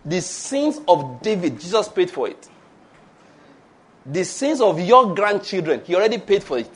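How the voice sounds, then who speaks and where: A man delivers a sermon in a high-pitched voice. He laughs between his points, drifts from slow, weighty lines into quick asides, and has the congregation repeat after him. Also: husky. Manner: animated, laughing asides, call-and-response with congregation. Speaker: pastor.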